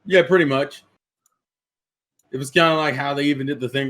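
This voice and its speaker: A man's voice: medium pitch, fairly even intonation, normal speed, a bit bright. A man co-hosting a podcast in casual chat, rambling and repeating words as he thinks. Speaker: podcast co-host.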